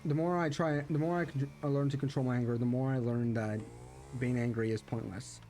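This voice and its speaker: A man's voice: medium pitch, steady tone, brisk, warm tone, slight background noise. A man streaming a game while chatting casually, rambling earnestly and reflectively, with many restarts and self-corrections. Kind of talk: casual chat while gaming.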